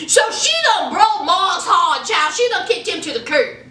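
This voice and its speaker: A woman's voice: extremely high pitch, measured pace, distant mic. A woman with recapping a reality show in a casual, gossipy way, dramatically acting out what people said. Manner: animated, dramatic, acts out quotes with laughter. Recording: echoey room, somewhat off mic.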